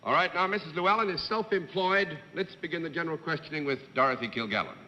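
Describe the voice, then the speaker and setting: A man's voice: fairly high pitch, quick pace, bright, forceful tone, highs cut off, a little hiss or hum. A jovial, courtly man hosting a studio game show, chuckling as he guides the panel and the guests. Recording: reverberant 1950s TV studio broadcast with faint audience.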